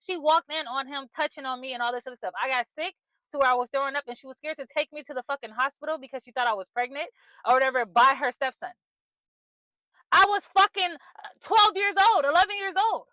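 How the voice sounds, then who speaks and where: A young woman, a mother, speaking bluntly and angrily into her phone, swearing freely, her voice dropping low when she gets upset. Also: fast, bright, forceful tone, no echo, low-quality recording. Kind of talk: emotional vlog monologue.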